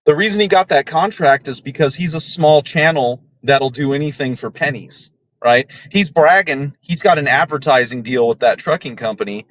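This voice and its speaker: A man's voice: on the high side, fairly bright tone, dry recording, low-quality recording. A man hosting a podcast, delivering a profane, scornful rant and ending his points with "right?". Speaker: podcast host. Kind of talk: ranting commentary.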